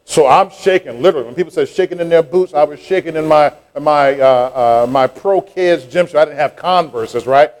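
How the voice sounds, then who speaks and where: A man's voice: fairly high pitch, brisk, few pauses, a little mellow. A middle-aged man, preaching a sermon and telling a childhood story with rising fervor. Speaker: pastor.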